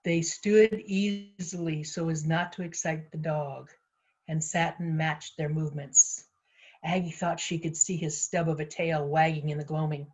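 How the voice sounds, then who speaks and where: Author lady reading her book aloud, lively storytelling, a bit lo-fi. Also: low voice, a little slow. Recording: slightly muffled lo-fi audio.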